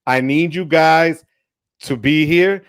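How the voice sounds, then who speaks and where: Host, male, 50s, playful teasing livestream chat, slightly high voice. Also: takes it slowly, smooth. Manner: playful teasing, upbeat, mixes Spanish words.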